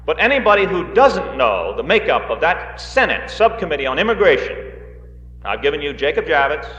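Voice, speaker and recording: A man's voice: a little high, fairly bright tone. A man speaking to a rally audience in a large hall, folksy and fond of joking asides, with frequent hesitant fillers. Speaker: guest speaker at a political rally. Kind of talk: live political speech to an audience. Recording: roomy dull 1960s reel recording of a hall.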